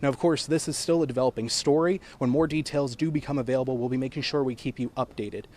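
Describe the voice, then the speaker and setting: Reporting live from outdoor locations, this male TV news reporter speaks in a crisp, steady broadcast style. His pitch sits in the middle range and he talks fast.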